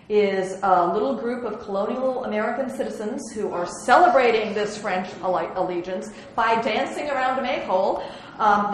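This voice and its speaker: A woman giving a slide lecture on historical prints, chatty and wry, with many ums and restarts. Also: mid-range voice. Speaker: museum curator giving an illustrated lecture. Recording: very echoey room with faint hiss.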